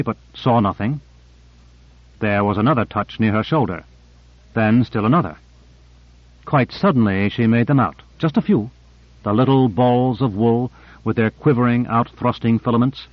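A man reads a novel aloud in a measured, even narrator's voice. The recording is dry and close, with a slightly dull, muffled tone. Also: mid-range voice, dry recording. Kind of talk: audiobook narration.

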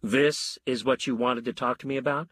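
A plain-spoken scientist sounds glum and matter-of-fact, voiced by a man reading a story aloud. The voice stays close to the reader's own, with a husky grain and a dry, close sound. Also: mid-range voice, fairly even intonation, normal speed, fairly bright tone, dry recording. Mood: astonished. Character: baffled scientist friend, adult man, glum.

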